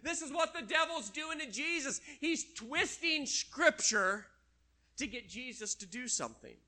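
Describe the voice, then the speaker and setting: A man's voice: extremely high pitch, expressive, a little slow, pushed and bright. A man preaching a sermon, acting out quoted voices and dropping to a near whisper at times.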